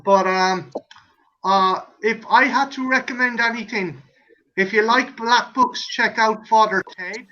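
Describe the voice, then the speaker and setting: A man's voice: sits high, unhurried, sharp tone. A man hosting a casual chat who swears freely, laughs and acts out comedy scenes. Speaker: podcast host. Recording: dull lo-fi audio.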